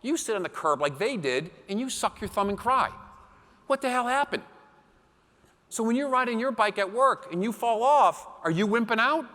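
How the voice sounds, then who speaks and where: A man giving a seminar talk to a live audience, telling animated stories with acted quotes. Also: high-pitched, normal speed. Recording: long hall reverb.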